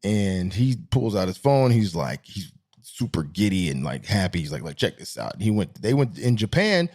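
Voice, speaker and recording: A man's voice: fairly low pitch, big pitch swings, normal speed, a little mellow. A man hosting a podcast, telling stories in a casual, rambling monologue and laughing at his own jokes. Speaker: podcast host.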